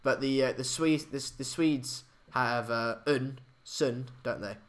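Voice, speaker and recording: A man's voice: mid-range voice, slow, fairly bright tone. A young man, hosting a casual live stream chat, hesitant with many fillers and restarts. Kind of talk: casual live match chat, reading comments.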